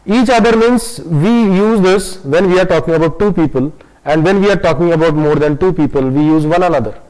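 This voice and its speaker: A man teaching a grammar lesson online, often pausing on fillers and restarting his sentences. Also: a little high, darkish tone, poor audio. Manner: hesitant, many fillers and restarts, switches into Hindi to explain.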